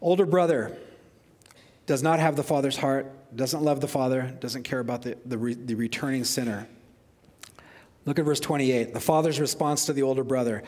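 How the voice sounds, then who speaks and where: A man preaching a sermon as pastor, animated and conversational, often asking the congregation questions. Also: on the high side, moderate pace. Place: church sanctuary. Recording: long hall reverb.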